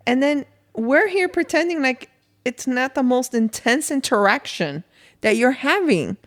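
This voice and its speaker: Woman podcast co-host, higher pitch, animated and playful, casual chat. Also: unhurried. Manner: animated, playful storytelling with acted-out quotes.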